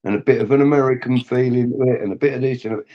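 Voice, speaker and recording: A man's voice: mid-range voice, fairly even intonation, very fast, highs cut off. A middle-aged man co-hosting a casual live-stream chat, opinionated and emphatic, often repeating himself.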